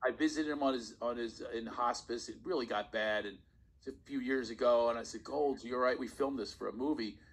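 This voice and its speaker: A man with a husky voice tells stories as a comedian guest on a podcast. His manner is animated, and he often chuckles as he speaks. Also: mid-range voice, fairly quick, rough recording. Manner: animated storyteller, laughs while talking. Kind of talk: casual podcast storytelling.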